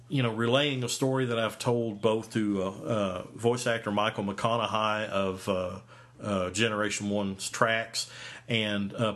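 A man's voice: lowish voice, fairly bright tone. A man in his forties, a podcast host, telling a story in casual chat, rambling with many fillers and restarts. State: hiccups.

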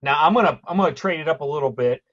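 A man's voice: on the high side, racing. A man chatting casually, joking and acting out characters as he talks. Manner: animated, acts out characters, joking. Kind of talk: casual chat. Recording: dull lo-fi sound.

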